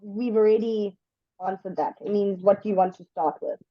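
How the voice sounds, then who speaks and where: A woman teaching an online English lesson, explaining patiently and slowly with examples. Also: medium pitch, fairly even intonation, dry recording. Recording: dull lo-fi dry sound.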